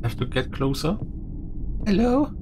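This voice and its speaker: Guy streaming a scary game, slow lively talk, keeps nervously calling out hello to ghosts. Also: high voice. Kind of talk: horror game let's play. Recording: noisy stream audio.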